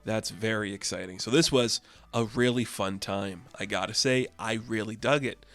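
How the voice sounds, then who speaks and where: A man's voice: fairly low pitch, moderate pace, fairly bright tone, soft background music. A man casually reviewing a comic book issue with enthusiastic, chatty recaps.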